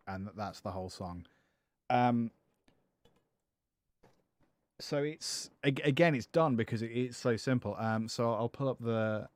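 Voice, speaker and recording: A man's voice: lowish voice, no room sound. A man talking casually on a livestream while writing a song, self-amused and joking dryly about his own lyrics. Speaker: streamer and guitarist. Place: home music studio.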